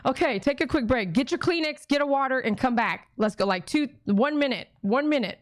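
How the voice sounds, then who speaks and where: A woman's voice: high voice, expressive, normal speed, dry recording, clean studio sound. A woman who runs a dog grooming business, talking casually and emotionally to her viewers on camera. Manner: chatty, emotional, addresses viewers directly. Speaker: dog groomer and channel host. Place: grooming salon.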